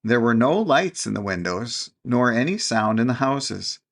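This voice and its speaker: Gravelly-voiced male storyteller. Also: medium pitch, very animated, unhurried. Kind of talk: storybook narration.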